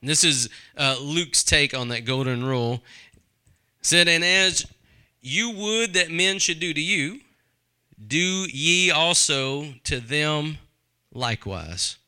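A man's voice: fairly high pitch, lively intonation, takes it slowly, pushed and bright, clean tone. A man preaching a sermon, conversational and full of rhetorical questions to the congregation. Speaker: pastor.

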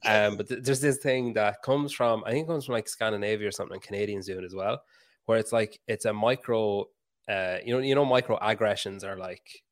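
A man's voice: lowish voice, steady tone, fairly quick. A man in his thirties chatting casually about parenting, rambling and self-mocking, swearing freely. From Ireland. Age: 30s. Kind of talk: casual chat.

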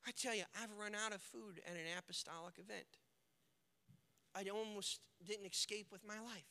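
Man preaching, super high and bright voice, acts out the bible characters, big echoey hall. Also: steady tone, normal speed. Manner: dynamic preaching, swings from hushed to shouting; acts out quoted characters in the stories. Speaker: pastor. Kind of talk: sermon. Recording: long hall reverb.

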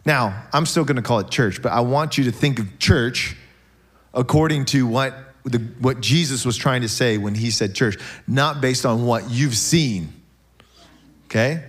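A man preaching a sermon in church, animated and joking with the congregation, often checking in with "okay?". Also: medium pitch, measured pace. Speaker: pastor.

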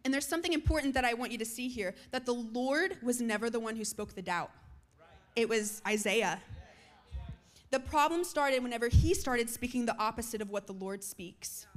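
A young woman preaching a sermon to students, moving between loud calls and soft, hushed lines. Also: a little high, normal speed. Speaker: youth speaker.

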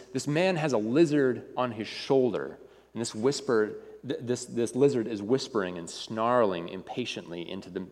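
A man's voice: on the low side, darkish tone. A man preaching a sermon to a congregation in a conversational way, often repeating words as he goes. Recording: reverberant hall.

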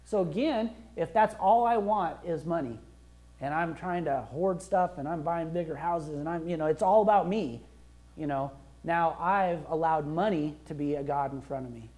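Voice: mid-range voice, moderate pace, darkish tone. A pastor preaching a sermon in a conversational, emphatic way, acting out prayers and quotes as he goes. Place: church.

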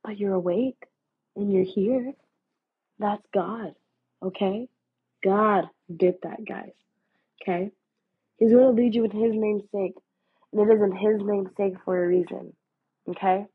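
A woman's voice: medium pitch, fairly even intonation, a little slow, long pauses, husky. A woman hosting a podcast, giving an earnest devotional talk in a casual, preachy way full of fillers. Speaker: podcast host. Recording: phone-like, lo-fi audio.

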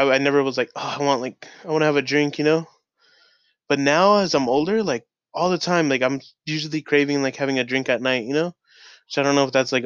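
A young adult man on his own podcast tells a meandering, casual tale full of swearing and "like," his medium-pitched voice clear and resonant. The sound is dry with no echo, though dull and lo-fi.

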